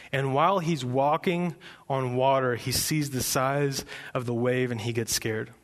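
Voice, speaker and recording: Young male pastor, passionate sermon delivery with rising emphatic peaks. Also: mid-range voice. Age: young adult. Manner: impassioned, building to loud emphatic peaks.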